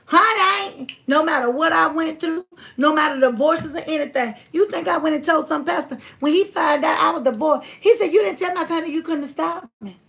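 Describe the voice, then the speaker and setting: A fiery woman holds forth on her livestream in a high, gravelly voice. She talks in a blunt, down-home way and swings between loud declarations and hushed asides. She reads her viewers' comments as she goes. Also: a little fast, hardly any pauses. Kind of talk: casual preachy livestream talk.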